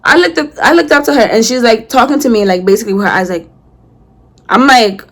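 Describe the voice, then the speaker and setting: Animated slangy young woman telling a story. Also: a little high, fast talker. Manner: animated, slangy, acts out quotes in a heated voice. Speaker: vlogger. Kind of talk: casual storytime while doing makeup.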